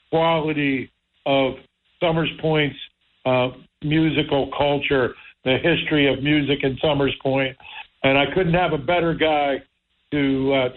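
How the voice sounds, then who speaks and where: A man's voice: on the high side, narrow, tinny audio. A male radio show host in casual talk show chat, enthusiastic and repeating himself as he searches for words.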